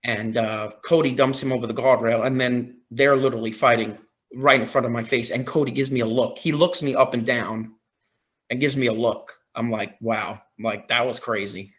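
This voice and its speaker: A man on a podcast as a guest, telling a story in a casual, excited way, often quoting his own reactions. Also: mid-range voice, moderate pace. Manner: excited, retelling with quoted reactions.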